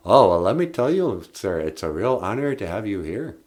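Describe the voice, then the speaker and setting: A man co-hosting a podcast in easygoing, halting casual chat with many fillers. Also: fairly low pitch, big pitch swings, darkish tone, soft background music. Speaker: podcast co-host. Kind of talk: casual comedic radio chat.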